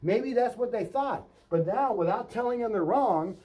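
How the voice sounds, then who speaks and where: Brief: male sales trainer, higher voice with a dark, mellow tone, emphatic, keeps asking "right?". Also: lively intonation, normal speed, low-quality recording. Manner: emphatic coaching, role-plays customer and salesman lines; repeats "right?" to check in with viewer. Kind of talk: instructional vlog.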